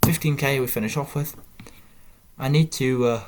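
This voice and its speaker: A young gaming video host from northern England chats through his gameplay in a mid-range voice at a moderate pace, with background noise audible. He thinks aloud, mutters asides, and casually puts himself down.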